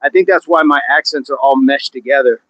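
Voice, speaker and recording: A man's voice: mid-range voice, fairly quick, a bit bright, dry recording. A man hosting a fitness livestream outdoors, chatting casually and joking as he reads viewer comments. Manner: joking, chatty, laughs often. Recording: dull, dry, lo-fi sound.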